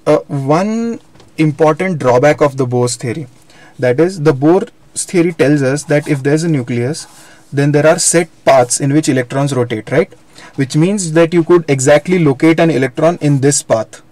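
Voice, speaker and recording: Young male tutor, slightly high voice, dry close sound, patient explanatory delivery. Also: normal speed, darkish tone, dry recording. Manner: explanatory, repeats and self-corrects. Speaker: physics teacher. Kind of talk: live online lecture.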